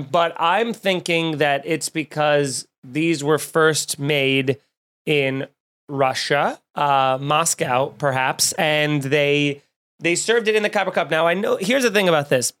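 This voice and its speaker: A man's voice: fairly high pitch, a bit bright. Rambling, jokey man hosting a podcast. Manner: rambling, jokey storyteller with many restarts. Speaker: podcast host and comedian. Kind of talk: casual chat.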